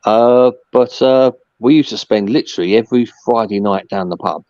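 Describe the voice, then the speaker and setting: A man's voice: medium pitch, moderate pace, dark tone, no echo, highs cut off. A man chatting casually as a podcast guest, rambling with plenty of fillers. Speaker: podcast guest, merchandise seller. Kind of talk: casual chat.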